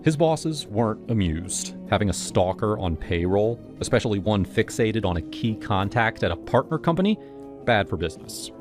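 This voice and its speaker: Low-voiced male storyteller over music. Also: lively intonation, moderate pace. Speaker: narrator. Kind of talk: scripted first-person horror narration.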